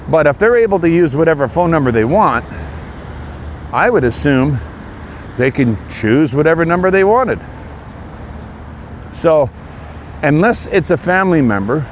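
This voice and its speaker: A man's voice: fairly high pitch, a little hiss or hum. Canadian man preaching on a walk. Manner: earnest, preachy, indignant. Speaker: vlogger. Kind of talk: casual walking monologue. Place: outdoors on a walk near traffic.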